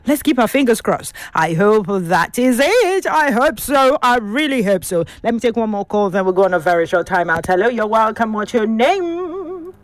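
A young woman hosting a live radio call-in request show, chatting briskly with callers. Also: mid-range voice, dry recording.

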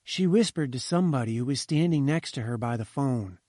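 Storybook narrator, adult man, measured and steady, dry booth sound. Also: medium pitch, dry recording. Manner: measured, slowing to a hush at grim moments.

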